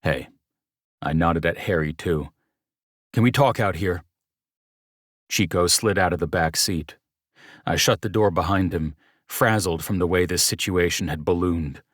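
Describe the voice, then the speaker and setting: A man narrating a romance audiobook in the first person, his dialogue gruff and commanding. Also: low voice, moderate pace, fairly bright tone, dry recording, studio quality.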